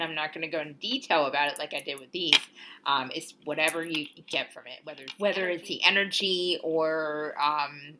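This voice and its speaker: Young woman doing a card reading vid, low but bright voice, chatty and rambly. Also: slight background noise. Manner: warm encouraging, rambling with ums and laughs. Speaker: oracle card reader, channel host. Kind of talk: casual spiritual video talk.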